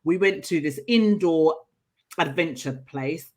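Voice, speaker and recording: A middle-aged woman, a coach and trainer, telling personal stories in an interview in an earnest, animated way. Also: low voice, slow pace. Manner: earnest, animated storytelling with laughs.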